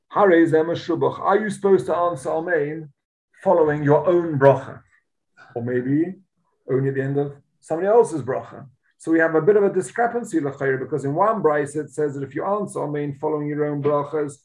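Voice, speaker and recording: A man's voice: on the high side, rough recording. Man teaching Talmud. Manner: explains Aramaic text line by line in English, emphatic. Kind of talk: Talmud lesson.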